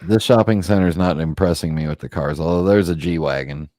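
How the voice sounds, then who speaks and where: A man's voice: deep voice, brisk, warm tone, no room sound, studio quality. A man from Southern California, co-hosting a casual group chat and joking as he points things out on a map. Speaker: co-host.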